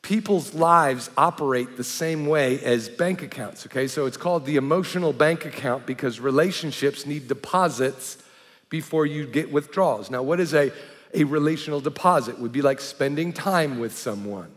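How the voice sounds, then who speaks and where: A man's voice: on the high side, moderate pace, a bit bright, in a large hall. A man preaching a sermon as pastor in a conversational way, often checking in with his listeners through rhetorical questions.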